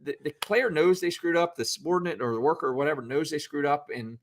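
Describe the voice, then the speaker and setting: A man's voice: fairly high pitch, fast, a little hiss or hum. A man who coaches youth football, talking through leadership in a loose, unscripted podcast debate, with lots of restarts and acted-out coach quotes. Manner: rambling, many restarts, acts out coach quotes.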